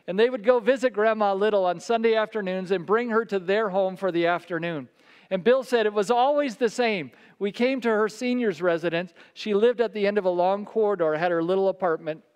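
High-voiced pastor preaching in a reverberant hall. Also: male voice, clear, resonant tone. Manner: storytelling, drops to soft quiet voice for quoted words. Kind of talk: sermon. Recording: long reverb of a large hall.

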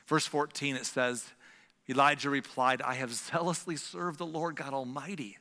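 A man preaching a sermon as a pastor, swinging from loud emphatic lines to hushed whispers. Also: mid-range voice, fairly even intonation, moderate pace. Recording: long hall reverb.

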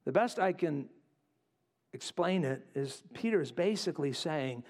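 A male pastor preaching a sermon, acting out quotes and dropping to quiet asides. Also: fairly high pitch, measured pace. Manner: animated, acts out voices in quotes, drops to quiet asides.

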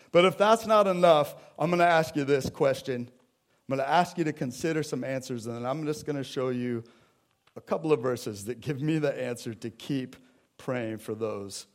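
A man preaching a sermon as pastor in a church, talking with the congregation in a conversational way and acting out Bible scenes. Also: mid-range voice. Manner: acts out Bible scenes in quoted voices. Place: church sanctuary.

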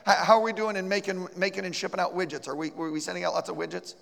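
A man leads a church class in a high voice that has a gravelly rasp to it. He is animated and acts out little scenes as he teaches. A long reverb from the hall trails his words. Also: rapid-fire. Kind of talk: church teaching with a live role-play.

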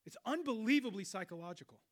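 A middle-aged man preaching a sermon, animated, swinging between loud exclamations and quiet low stretches. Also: fast talker. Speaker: pastor.

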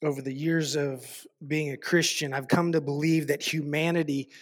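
A man preaching a sermon, slow and deliberate, repeating phrases for emphasis. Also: a little high, flat delivery.

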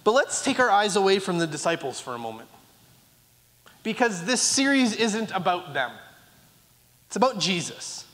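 A man's voice: sits high, big pitch swings, moderate pace, pauses often, fairly bright tone. A man preaching a sermon as pastor, earnest and repetitive, now and then acting out pleading voices. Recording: long reverb of a large hall.

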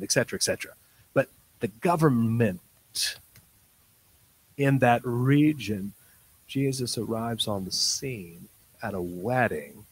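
A man preaching a sermon, telling a story in acted-out dialogue and swinging from quiet asides to loud, excited bursts. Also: mid-range voice, slow, pauses often, husky, rough recording. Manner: tells stories in quoted dialogue.

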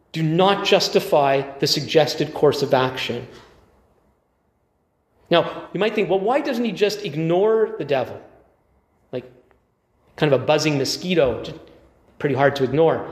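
A man preaching a sermon as pastor, conversational, thinking aloud with dry asides. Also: a little high. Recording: echoey church hall reverb.

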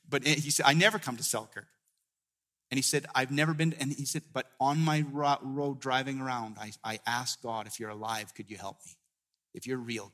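Male guest preacher, middle-aged, mid-pitched, earnest storytelling sermon with frequent restarts. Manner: storytelling, many restarts, drops to a hushed tone in emotional moments. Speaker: guest pastor.

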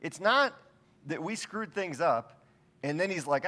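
A man's voice: a little high, animated, unhurried, bright, forceful tone. A middle-aged man preaching a sermon, telling stories in a casual, conversational and self-deprecating way. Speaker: pastor.

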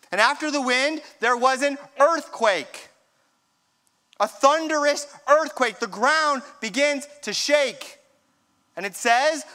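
Bright, clear-voiced male preacher. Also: extremely high pitch. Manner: storytelling, dramatic drops to a hush. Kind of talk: sermon.

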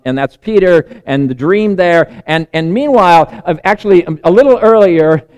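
A man giving a sermon in a loose, conversational way, often restarting phrases and dropping to a hushed tone. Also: fairly high pitch, clear, resonant tone. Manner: conversational and digressive, many repeated starts. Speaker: preacher.

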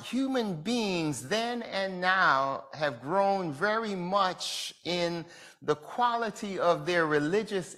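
Bright-voiced pastor preaching slowly. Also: male voice, high voice. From Jamaica. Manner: measured preaching with rhetorical questions. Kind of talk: sermon lecture.

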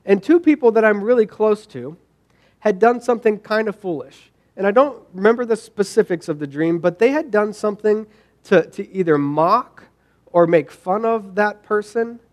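A man's voice: high-pitched, animated, normal speed. A man preaching a sermon, talking conversationally with restarts and questions to the congregation. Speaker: pastor.

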